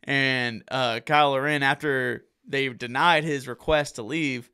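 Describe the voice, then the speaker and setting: A man co-hosting a casual sports chat, steady and steering the conversation along. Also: mid-range voice, a little slow, smooth. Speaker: podcast co-host.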